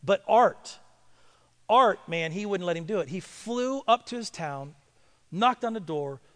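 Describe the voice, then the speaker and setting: A male pastor telling a story in a sermon and building to loud, emphatic preaching. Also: sits high, lively intonation, unhurried, in a large hall.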